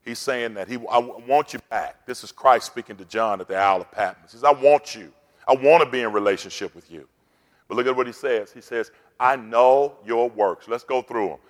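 A man's voice: medium pitch, a little fast. A pastor preaching a sermon, rousing and call-and-response in his delivery. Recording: long hall reverb.

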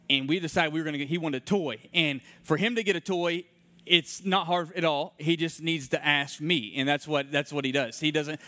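A man's voice: a little high, bright, forceful tone, no echo. A man in his thirties preaching a conversational sermon in a church room, earnest and repeating his key phrases, telling stories from his own life. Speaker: pastor.

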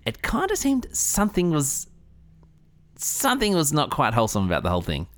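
A man's voice: fairly high pitch, huge pitch swings, brisk, fairly bright tone. A man co-hosting a podcast, blunt and joking, laughing easily. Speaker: podcast co-host. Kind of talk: casual chat. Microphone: studio microphone.

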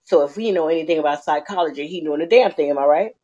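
A woman calling into a podcast, telling a story in animated, slangy casual talk with many fillers. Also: low-pitched, fast talker, muffled recording. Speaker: caller.

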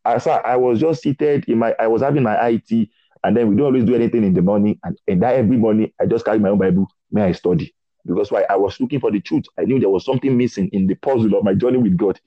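A young man from Nigeria sharing a personal faith testimony in conversation, animated and acting out dialogue. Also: lowish voice, quick pace, dry recording. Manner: animated storytelling, acts out dialogue, repeats words. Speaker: guest preacher. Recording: dull lo-fi dry sound.

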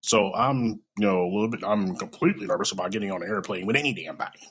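A man's voice: on the low side, fast, a bit bright, slightly rough. A man in his thirties telling a casual personal anecdote, swearing freely and laughing often, with a dull lo-fi sound. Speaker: storyteller.

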